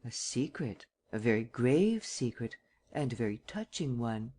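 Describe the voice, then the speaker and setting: A man reading a calm, sardonic gentleman thief. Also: medium pitch, unhurried. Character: cool, cynical gentleman thief, middle-aged man.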